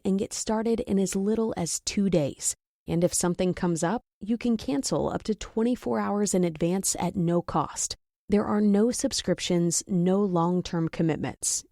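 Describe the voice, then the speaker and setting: A woman reading a scripted advertisement in a calm, measured way. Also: mid-range voice, no room sound, studio quality. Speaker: ad reader. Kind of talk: scripted ad read.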